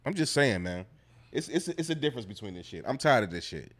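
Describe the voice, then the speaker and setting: A man's voice: mid-range voice, big pitch swings, fast talker, a bit bright. A man co-hosting a casual podcast, ranting in a heated, profane, emphatic way. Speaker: podcast co-host.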